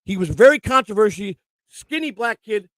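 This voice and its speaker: A man with a high voice rambles through profane stories, restarting sentences as he goes. He co-hosts a casual live stream. The sound is dry and close on a desk mic. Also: big pitch swings, normal speed, a bit bright, no room sound. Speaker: co-host and storyteller. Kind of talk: casual chat, rambling anecdotes. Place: home live-stream setup.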